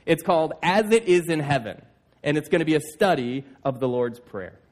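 Animated, high-voiced male pastor. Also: normal speed. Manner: emphatic and lively, with repeated "like, like" and stammered restarts. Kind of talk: sermon.

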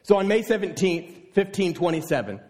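A man preaching a sermon, telling a scripture story with lively, voiced exclamations. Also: sits high, fairly quick.

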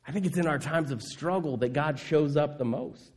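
A male pastor delivers an earnest sermon at a moderate pace, asking the congregation questions. On key words his voice sinks soft and low.

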